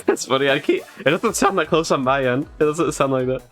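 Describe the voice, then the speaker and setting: A man's voice: on the high side, a little fast, fairly bright tone, soft background music. A man streaming a game, chatting casually, laughing at himself and reading lines aloud. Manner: laughing, self-mocking asides. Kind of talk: casual gaming commentary, reading dialogue aloud.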